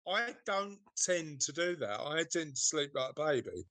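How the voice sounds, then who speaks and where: Bright, lively English man bantering. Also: a little high, normal speed, no echo. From Britain. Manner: teasing, bantering, laughs often. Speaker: podcast host. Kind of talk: casual chat.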